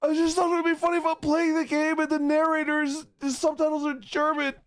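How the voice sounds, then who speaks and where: A man's voice: extremely high pitch, flat delivery, a little fast. A man streaming a game, laughing a lot and getting flustered as he struggles to read German menus. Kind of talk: casual gameplay livestream.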